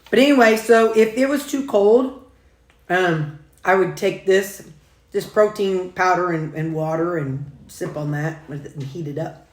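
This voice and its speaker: A woman, chatting casually as a food vlogger while she eats, in a folksy, rambling way with frequent chuckles. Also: fairly low pitch. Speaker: food and weight-loss vlogger. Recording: echoey room.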